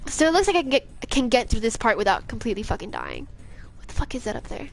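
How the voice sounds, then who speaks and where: A woman's voice: on the high side, wildly swooping pitch, fast, vocal fry. A young woman streaming a video game, cursing, panicking and taunting enemies as she plays. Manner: profane, jumpy, talks back to enemies. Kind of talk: live gameplay commentary.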